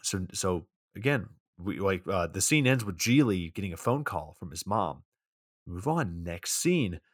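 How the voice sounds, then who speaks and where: A man's voice: deep voice, lively intonation, measured pace, dry recording, clean studio sound. A man co-hosting a podcast, recapping a movie's plot in a laid-back, sarcastic way. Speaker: podcast co-host.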